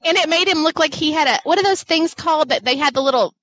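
Woman, high voice, bubbly, giggly, casual podcast chat. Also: fast talker, a bit bright. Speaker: podcast co-host.

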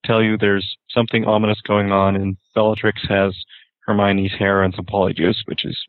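A man's voice: on the low side, level tone, normal speed, no echo. A man co-hosting a casual book-discussion podcast, steadily recapping scenes with frequent mm-hmms. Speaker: podcast co-host. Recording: tinny phone line.

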